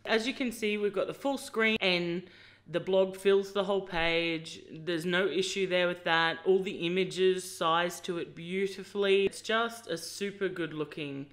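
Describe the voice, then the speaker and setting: Enthusiastic woman blogger gushing over a website. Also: lowish voice. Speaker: fashion blogger and host. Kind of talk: casual screen-share walkthrough.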